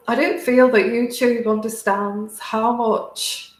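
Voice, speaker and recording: A British woman hosting a tarot livestream, talking halting and heartfelt to her viewers, close to tears. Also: a little high, steady tone, echoey room, low-quality recording. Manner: halting, many restarts and fillers, heartfelt. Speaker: tarot reader and livestream host. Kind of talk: casual livestream talk to viewers.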